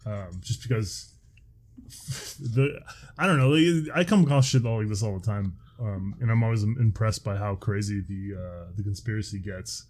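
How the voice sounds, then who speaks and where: A man's voice: fairly low pitch, normal speed, a little mellow. A man co-hosting a podcast, talking loosely with many fillers and restarts. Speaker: podcast co-host. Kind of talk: casual chat.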